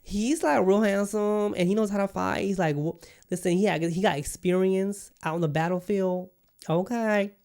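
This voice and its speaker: A man's voice: sits high, fairly even intonation, moderate pace, vocal fry, darkish tone, smooth, voice pushed up. A man voicing a swooning young woman with a crush, talking in a gushing, sassy way.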